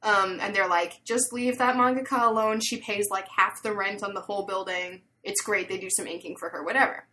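A woman's voice: mid-range voice, fairly even intonation, brisk, hardly any pauses, pushed and bright. A woman, co-hosting a podcast in casual chat and telling stories with many fillers. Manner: chatty storyteller with many fillers. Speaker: podcast co-host.

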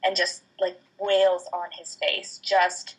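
A woman's voice: on the low side, flat delivery, slow pace, slightly rough, poor audio. A woman in casual podcast chat, earnestly retelling a TV scene with lots of fillers. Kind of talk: casual chat recapping a TV show.

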